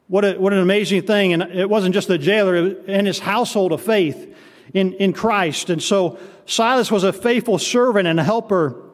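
A man's voice: high voice, in a large hall. A male pastor preaching an evening sermon, asking the congregation rhetorical questions as he reads and explains scripture.

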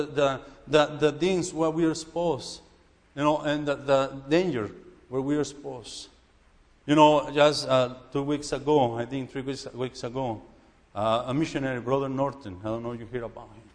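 A man who is a missionary preaching in a church, halting and repeating words as he urges the congregation. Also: a little high, long reverb tail. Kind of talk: sermon.

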